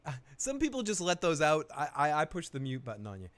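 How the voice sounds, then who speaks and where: A man's voice: a little high, wildly swooping pitch, normal speed, fairly bright tone. A man hosting a live television recap, retelling scenes in a crude, joking, rambling way. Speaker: host of a live TV recap show. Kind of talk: casual live recap commentary.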